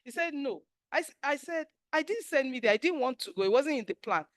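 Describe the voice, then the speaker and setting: A middle-aged Nigerian woman with a Nigerian accent leads a spiritual teaching class, telling stories with acted-out quotes in an animated, emphatic way. Her voice is high and a little fast. The sound is clean studio audio with no room sound.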